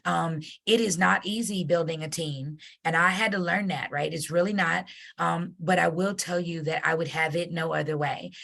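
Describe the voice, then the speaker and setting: A woman host with a low voice and plenty of gravelly fry. She speaks in an effusive, emotional way, close to tears, as she thanks her guest and wraps up. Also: steady tone, moderate pace, a bit bright. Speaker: host and company CEO. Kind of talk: heartfelt interview wrap-up.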